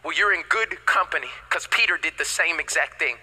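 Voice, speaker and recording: A man preaching a sermon as pastor, animated and casual with slang, swinging between loud declarations and hushed asides. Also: a little high, a little fast, slightly rough, rough recording.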